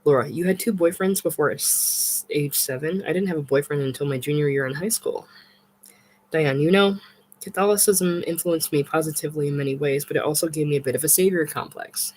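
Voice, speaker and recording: Heard through a rough recording with a little hiss or hum, a woman with a deep, slightly mellow voice reads a bit quickly. As an audiobook narrator, she tells the stories of a memoir written as a dialogue in a conversational manner and quotes others' lines aloud.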